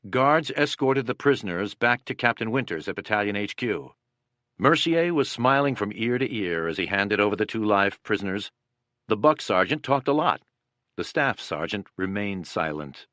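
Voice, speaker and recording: Low-voiced man narrating a war story. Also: fairly bright tone, dry recording. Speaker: audiobook narrator. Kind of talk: scripted narration.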